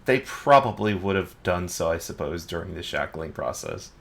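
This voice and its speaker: A man running a tabletop game as dungeon master, narrating in a relaxed way with lots of fillers. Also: low-pitched, moderate pace, vocal fry.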